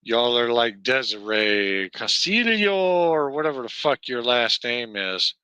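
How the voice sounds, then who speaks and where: A man with a Southern American accent delivers a slow, profane, rambling livestream rant packed with fillers and restarts. His voice is very bright and cutting, and the sound is close and completely dry, with no room around it. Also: mid-range voice, very animated, clean tone, no echo. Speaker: livestream host. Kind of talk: ranting livestream monologue.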